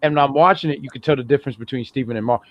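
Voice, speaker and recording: A man's voice: mid-range voice, very fast, no echo, highs cut off. A man co-hosting a casual show recap, rambling through his thoughts with restarts and frequent laughs. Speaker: podcast co-host.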